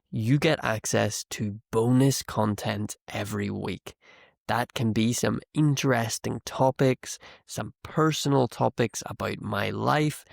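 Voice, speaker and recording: A man teaches English vocabulary at a very slow, deliberate pace, repeating each key word for learners. His voice has a gravelly edge. He speaks close to the mic in a dry, dead room. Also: on the low side, no echo. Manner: explains slowly, repeats key words. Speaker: English teacher and podcast host. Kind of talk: slow, clear teaching monologue.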